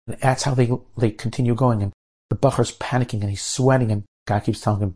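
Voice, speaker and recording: A man, a rabbi, telling a story in a sermon, dramatizing the quoted lines in a lively way. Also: medium pitch, fast talker, breathy edge.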